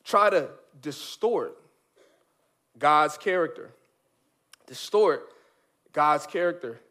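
A man preaching a lively sermon for children, animated and emphatic, with big swings from high to low. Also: slow. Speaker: children's pastor. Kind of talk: sermon for kids.

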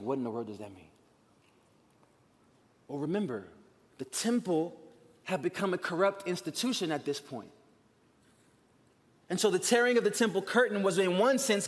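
A man with a high voice preaching in a large church sanctuary, where the long reverb of the hall trails behind every word. He presses his points with emphasis, slows down and sinks to a near-hush for weight, and leads the congregation in call-and-response. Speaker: pastor. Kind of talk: sermon.

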